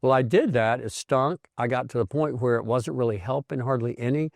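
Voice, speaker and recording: 男性医生 在干燥近距离录音里生动讲述自己的病史. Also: male voice, medium pitch, brisk, creaky, no room sound, studio quality. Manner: animated storyteller who acts out quoted voices. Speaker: physician host. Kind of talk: conversational storytelling about health.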